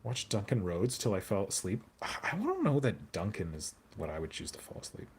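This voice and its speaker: A man's voice: fairly low pitch, huge pitch swings, a little fast, a little mellow, a little hiss or hum. A man chatting casually on a hobby live stream, rambling and joking as he answers viewer comments. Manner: rambling, jokey, answers viewer chat aloud.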